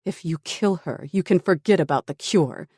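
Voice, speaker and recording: A frightened female scientist, voiced by an audiobook narrator begging for someone's life, her voice pushed high and tight. She pleads loudly and desperately, in a dry close recording. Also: moderate pace, breathy edge, no echo, lightly acted. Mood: pleading.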